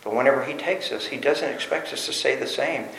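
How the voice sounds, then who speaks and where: A man's voice: mid-range voice, a little fast, gravelly, fairly bright tone. A man preaching a sermon as pastor, emphatic and full of rhetorical questions. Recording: roomy echo.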